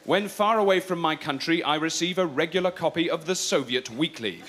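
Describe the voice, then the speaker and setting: A man playing a stiff, formal Soviet comrade who announces things in deadpan style in a live comedy sketch. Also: a little high, brisk, lightly acted. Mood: solemn deadpan. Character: pompous Soviet comrade presenting on stage. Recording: noisy live stage.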